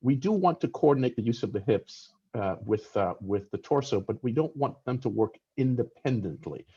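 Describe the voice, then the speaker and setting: A man coaching on a video-call podcast, explaining technique in a halting way full of fillers. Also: medium pitch, lively intonation, dark tone, husky, muffled recording. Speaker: swim coach.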